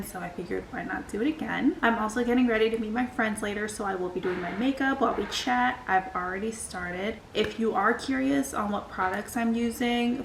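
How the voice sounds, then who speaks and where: A woman's voice: medium pitch, vocal fry. A woman chatting casually while doing her makeup, full of playful, sassy asides. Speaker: beauty vlogger. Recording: roomy echo, faint background noise.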